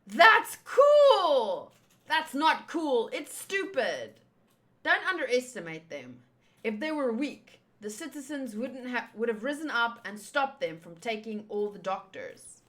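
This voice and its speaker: Young woman, playful manga readthrough host, lively and unhurried. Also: fairly high pitch. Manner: playful, giggly asides and jokes. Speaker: channel host.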